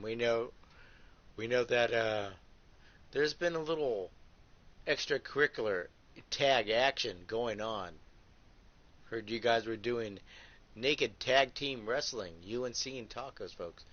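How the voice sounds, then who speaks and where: A man's voice: medium pitch, a little slow, fairly bright tone. Man doing joking ringside game commentary. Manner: ringside announcer patter, keeps saying folks; crude rhyming jokes. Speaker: host and wrestling commentator. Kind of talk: playful wrestling-game livestream commentary. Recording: muffled lo-fi with clear background hiss.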